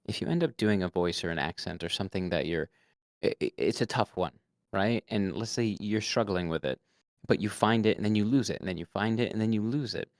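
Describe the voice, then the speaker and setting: A man's voice: lowish voice, brisk, no room sound, studio quality. A man and game master, a guest giving casual tabletop roleplay advice and showing voices as he goes. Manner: animated, demonstrates voices.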